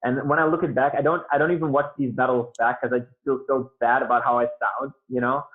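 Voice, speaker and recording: A man of middling pitch speaks as a guest over a remote call. His talk rambles with loose fillers and restarts, and the sound is thin and phone-like. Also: fairly even intonation, quick pace. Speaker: guest beatboxer. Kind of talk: casual interview talk. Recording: tinny phone-like line.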